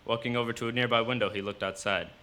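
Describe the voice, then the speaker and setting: A man reading his own fiction aloud at a live cafe event, in steady storytelling narration. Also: medium pitch, quick pace, slight background noise.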